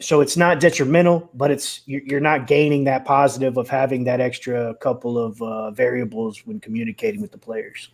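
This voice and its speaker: A man's voice: mid-range voice, steady tone, fairly quick, hardly any pauses. A man co-hosting a casual sports talk show, reasoning through points in a reflective way. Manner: reflective, analytical, hedging. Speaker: podcast co-host.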